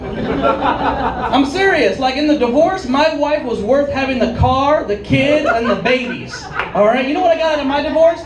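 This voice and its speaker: A man with a very high voice tells stand-up stories in a punchy, conversational way. He sounds distant and echoey in a comedy club, with a crowd and noise all around. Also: lively intonation, normal speed.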